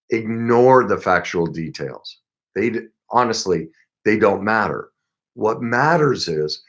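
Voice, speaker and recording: A middle-aged man with a lowish, slightly bright voice speaks to camera as a relationship coach. He gives advice earnestly and with emphasis, now and then acting out brief sample exchanges.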